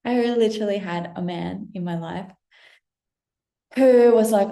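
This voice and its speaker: A woman's voice: medium pitch, normal speed, vocal fry, pauses often, mellow, echoey room. A young woman coach giving a passionate, blunt motivational talk straight to her audience, swearing freely. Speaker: self-help coach. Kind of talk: direct-to-camera motivational talk.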